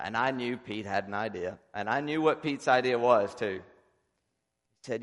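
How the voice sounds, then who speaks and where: A man, a visiting evangelist, telling his testimony in an animated way, restarting often. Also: on the low side, normal speed. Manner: animated storytelling with frequent restarts. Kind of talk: testimony preaching. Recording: long reverb in a hall.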